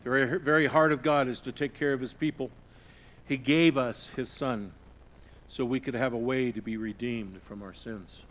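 Man preaching with dramatic loud-soft swings. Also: steady tone, normal speed. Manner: dramatic swings between loud emphasis and hushed low passages. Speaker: pastor. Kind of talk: sermon.

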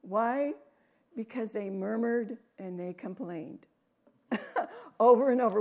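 Mellow-voiced woman preaching a sermon. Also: fairly high pitch, slow, long pauses. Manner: reads scripture with rising emphasis, chatty asides with soft laughs. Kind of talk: sermon with scripture reading.

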